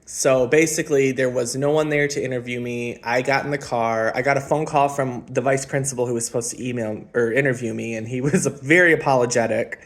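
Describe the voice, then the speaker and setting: A man in his thirties tells his own story in a loose, casual vlog style. His voice sits at an ordinary middle pitch. He drifts and reflects as he goes, filling pauses with frequent ums. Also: fairly even intonation. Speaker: spiritual channeler and former music teacher.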